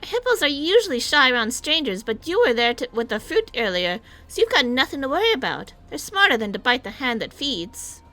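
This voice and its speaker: A boisterous cart-driving gang tough, as a woman puts him on, with a folksy drawl. The voice sits high and bright and swings all over the place. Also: sing-song, fairly quick, few pauses, exaggerated voice. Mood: cheerful. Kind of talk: reading game dialogue aloud.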